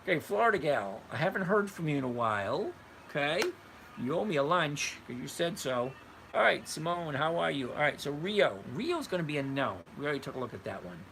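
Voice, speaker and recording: Older man, retired, blunt and conversational, lively pitch, faint background noise. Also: a little fast, poor audio. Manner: blunt, conversational, answers viewers by name. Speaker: host reading live chat. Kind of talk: casual livestream chat about trading.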